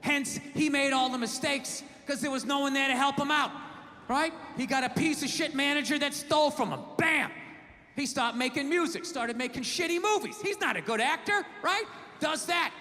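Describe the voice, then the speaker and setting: Ranting stand-up comic in a hall. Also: male voice, very high-pitched, moderate pace. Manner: loud ranting delivery, crowd asides. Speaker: stand-up comedian. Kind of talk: stand-up comedy set. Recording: live venue, crowd and reverb.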